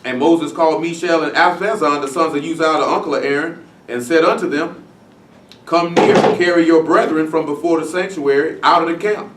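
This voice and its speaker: A man preaching a Bible-study sermon in a casual, blunt way, full of slang and rhetorical questions, and slowing down to stress the scripture he reads. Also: a little high, slight background noise. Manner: slow, stressed reading of scripture. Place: congregation meeting room. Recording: echoey room from a distant mic.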